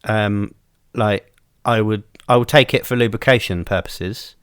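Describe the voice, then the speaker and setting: A man's voice: fairly low pitch, measured pace, clean tone, no echo. Dry-witted male podcast co-host. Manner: dry, teasing, hesitant restarts. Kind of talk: casual banter.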